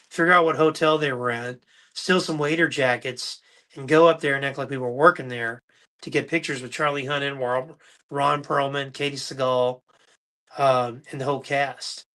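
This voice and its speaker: A man hosting a podcast, telling animated stories in a casual livestream chat and acting out the quotes. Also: medium pitch. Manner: animated anecdotal storyteller, acts out quotes. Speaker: podcast host.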